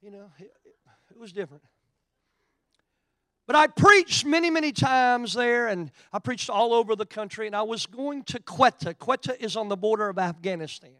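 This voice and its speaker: Animated Oklahoma preacher, high bright voice. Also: male voice, normal speed, no room sound. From Oklahoma, USA. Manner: animated, swings from quiet asides to loud emphatic preaching. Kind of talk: sermon storytelling.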